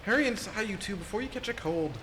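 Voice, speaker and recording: A man's voice: high voice, lively intonation, quick pace, bright, forceful tone, slight background noise, voice pushed up. A man putting on a folksy country-accented grown-up. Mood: concerned. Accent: put-on country accent.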